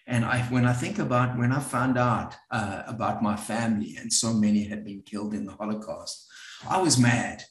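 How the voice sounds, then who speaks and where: A man with a South African accent, giving a reflective, earnest talk to a live audience, often pausing and restarting his sentences. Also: medium pitch, roomy sound. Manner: earnest, with frequent restarts and pauses. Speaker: speaker at a community event.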